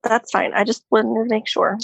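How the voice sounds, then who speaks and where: A woman's voice: a little high, fairly even intonation, moderate pace, creaky, husky, low-quality recording. A woman co-hosting a podcast, teasing and joking in casual chat. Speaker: podcast co-host.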